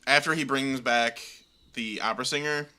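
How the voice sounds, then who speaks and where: A man co-hosting a podcast, retelling a film plot quickly with filler words in casual chat. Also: medium pitch, sharp tone. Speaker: podcast co-host.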